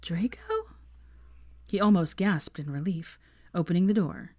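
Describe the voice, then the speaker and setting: Low-voiced woman narrating fan fiction. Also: normal speed, dark tone, no echo, clean studio sound. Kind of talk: reading fan fiction aloud.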